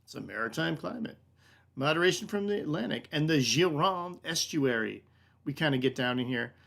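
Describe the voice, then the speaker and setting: Fairly high-pitched, creaky and a bit bright, his voice moves with lively intonation at a normal speed. The American wine shop director is teaching an online tasting class in a rambling, easygoing way, peppered with "like," "kinda" and "um," and he calls his audience "man."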